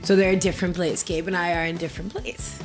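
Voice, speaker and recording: A woman's voice: on the low side, level tone, fast. A woman leads a casual podcast segment with bubbly energy. She tells little stories animatedly. Faint music sits underneath. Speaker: podcast co-host. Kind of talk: casual chat.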